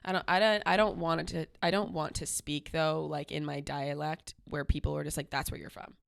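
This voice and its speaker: A woman's voice: low-pitched, steady tone, normal speed, creaky. A woman from the Boston area co-hosting a podcast, talking in a direct, casual way with lots of fillers. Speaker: podcast co-host. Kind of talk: casual chat.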